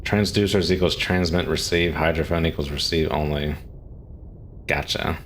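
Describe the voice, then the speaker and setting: A man with an extremely low voice streams a game, chatting casually, answering questions from chat, and chuckling often. His intonation is fairly even, his pace moderate, and there's a little hiss or hum in the audio.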